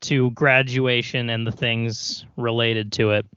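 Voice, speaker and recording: A man co-hosting a podcast in casual chat, talking haltingly with many pauses and restarts. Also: medium pitch, level tone, pushed and bright, smooth. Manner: halting, lots of fillers and restarts. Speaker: podcast co-host. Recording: slightly dull lo-fi sound.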